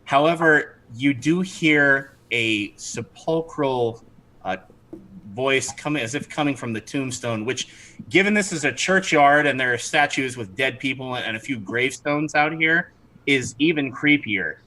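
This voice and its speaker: A man running a tabletop game as game master, narrating lively and laughing, stopping to correct himself. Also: medium pitch, a little slow.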